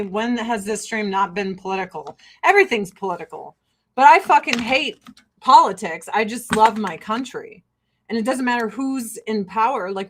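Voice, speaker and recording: A woman's voice: mid-range voice, fairly bright tone. An American woman hosting a casual livestream, talking bluntly and swearing freely while she laughs often and sells skincare. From United States. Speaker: livestream host selling skincare.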